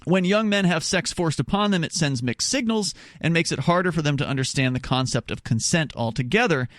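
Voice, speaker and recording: A man's voice: on the high side, lively intonation, brisk, a bit bright, no echo, clean studio sound. A male radio talk show host reading news stories aloud and chatting with his co-host, with casual asides and restarts. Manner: conversational with frequent restarts and asides.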